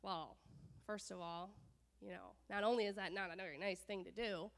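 A happy, loving sun who explains things gently and patiently, voiced by a woman telling a children's story. The sound carries a long hall reverb. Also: medium pitch, steady tone, moderate pace, pitched below the performer's own voice, close to an everyday voice.

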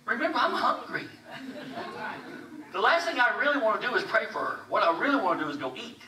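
Brief: high, bright-toned male preacher, animated storyteller, recorded from a distance in an echoey hall. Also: brisk. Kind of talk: sermon. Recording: echoey hall, distant mic, faint hiss.

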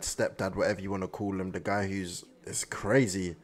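A man hosting an anime reaction video, talking in an excitable, slangy way straight to his viewers. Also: low voice, normal speed. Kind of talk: casual reaction commentary.

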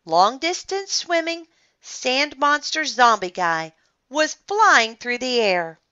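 Bright, animated woman reading a storybook. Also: sits high, slow pace, highs cut off. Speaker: children's book reader. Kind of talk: reading a children's book aloud.

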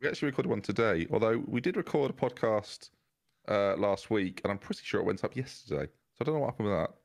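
A man co-hosting a game stream, cracking wry deadpan jokes with friends over a voice call. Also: on the low side, quick pace, vocal fry. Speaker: co-commentator and podcast co-host. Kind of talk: casual banter.

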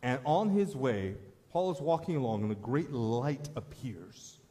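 A man's voice: medium pitch, animated, measured pace, dark tone. A man preaching a sermon as pastor, telling a story in an earnest way that rises to emphatic appeals, in a church sanctuary. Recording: echoey church hall.

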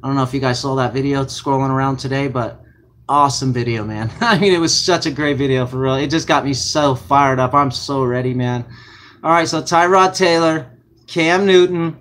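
A young man hosting a live card break, excitedly calling out cards to his viewers. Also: medium pitch, normal speed, slight background noise. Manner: excited, hyped-up, talks to viewers as "guys" and "man".

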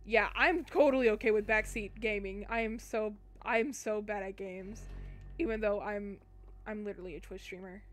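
A woman's voice: medium pitch, fairly even intonation, moderate pace, slight background noise. A woman streamer chatting to her viewers as she plays a game, jumpy and talkative. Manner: jumpy, chatty, talks to her chat while playing. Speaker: Twitch streamer. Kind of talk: live gameplay commentary.

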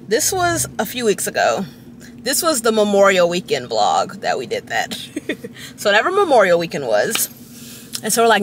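A young woman chatting to camera from her parked car, rambling and giggly with dramatic high squeals. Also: big pitch swings, moderate pace, fairly bright tone, slight background noise. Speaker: vlogger. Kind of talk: casual chat to camera.

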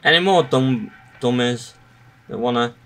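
A man playing a horror game, muttering to himself between yelled insults at the enemies. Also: medium pitch, a little slow, slight background noise. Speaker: gamer. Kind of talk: gameplay commentary.

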